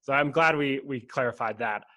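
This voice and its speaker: A young man hosting a casual interview, friendly and joking, quick to laugh. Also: mid-range voice, pushed and bright. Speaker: podcast host.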